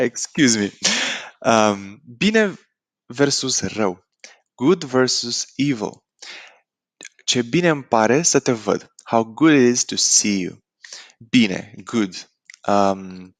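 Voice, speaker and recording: A man with a Romanian accent teaches a lesson in an easygoing, halting way, stopping for ums and rephrasing as he goes. His voice sits low and has a gravelly edge. The recording is dry and close. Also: no room sound. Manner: relaxed, hesitant, many fillers and restarts. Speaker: language teacher. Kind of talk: casual spoken lesson.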